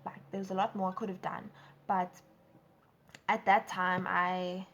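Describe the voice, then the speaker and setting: A young woman with a South African accent telling a storytime vlog, animated and acting out quotes. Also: unhurried, highs cut off. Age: young adult. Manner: animated, acts out quotes with big pitch jumps. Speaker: vlogger. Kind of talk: casual storytime.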